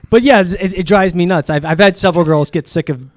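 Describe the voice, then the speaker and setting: A man's voice: high-pitched, quick pace, no echo. A man hosting a comedy podcast, swearing often and laughing a lot in casual banter, recorded on a studio mic in a small home studio. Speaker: podcast host.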